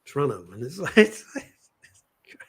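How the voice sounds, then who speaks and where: A husky-voiced Englishman in middle age holds the floor in a relaxed talk-show chat. He tells anecdotes with a very lively, swooping delivery and slips into quick impressions of the people he quotes. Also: mid-range voice. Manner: animated storytelling with mimicked voices. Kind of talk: casual chat.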